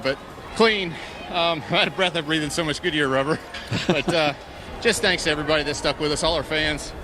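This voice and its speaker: A man, a winning race driver, giving a rambling post-race interview with fillers outdoors at a racetrack. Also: a little high. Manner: rambling, with fillers and short laughs. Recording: noisy outdoor track recording. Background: vehicle and track noise.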